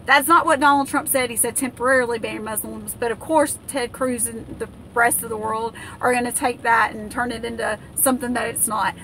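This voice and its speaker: An indignant American woman vents in a heated political rant, her high, bright voice tripping over fillers and false starts. She sounds livid throughout. Faint background noise sits under the recording. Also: steady tone, a little fast, hardly any pauses. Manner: angry, indignant, with many fillers and restarts. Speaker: political vlogger.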